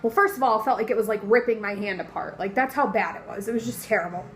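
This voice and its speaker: A young woman telling a story casually in a vlog, animated and profane, full of fillers, sore after surgery. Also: mid-range voice, quick pace, a little hiss or hum, rough recording. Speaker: vlogger.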